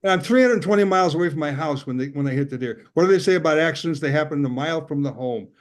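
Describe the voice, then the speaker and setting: Brief: man, 60s, from Chicago, deadpan stand-up comic, slightly higher voice, video-call sound. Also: very fast. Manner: rambling deadpan jokes, puts on character voices. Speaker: stand-up comedian. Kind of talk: stand-up set.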